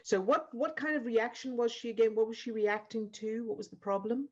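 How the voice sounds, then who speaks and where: A woman coach guiding a participant through a live online session, calm and encouraging, explaining step by step. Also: on the high side, a little fast, highs cut off. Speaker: emotional fitness coach.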